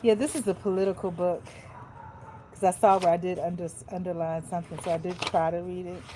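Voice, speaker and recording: A woman talks casually in a warm, mellow voice and mixes reading aloud with chatty, joking asides in relaxed colloquial speech. A faint hiss runs behind her. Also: fairly low pitch, brisk, low-quality recording. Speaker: vlogger.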